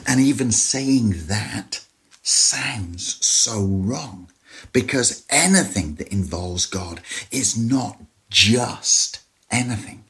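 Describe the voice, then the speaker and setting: Slow, deliberate male preacher. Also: lowish voice, animated, fairly bright tone, breathy edge, no echo. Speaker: pastor. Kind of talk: sermon.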